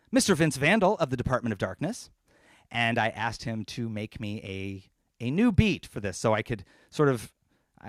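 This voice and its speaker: A man's voice: medium pitch, no room sound, studio quality. A man talking casually between songs at a live-streamed concert in his apartment, then rapping with a punchy, rhythmic delivery. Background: loud hip hop beat.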